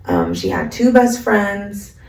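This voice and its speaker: A woman's voice: medium pitch, huge pitch swings, takes it slowly, a little mellow, recorded from a distance, a little hiss or hum. A woman vlogger in a slangy, chatty casual recap of an anime, recorded in an echoey room. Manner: slangy, chatty, lots of fillers.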